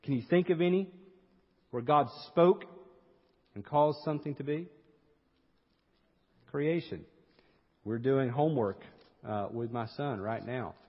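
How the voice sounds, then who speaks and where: Husky-voiced preacher in a reverberant hall. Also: male voice, medium pitch, a little slow, pauses often. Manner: earnest preaching with rhetorical questions and asides. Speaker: pastor. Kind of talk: sermon. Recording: dull recording with long hall reverb.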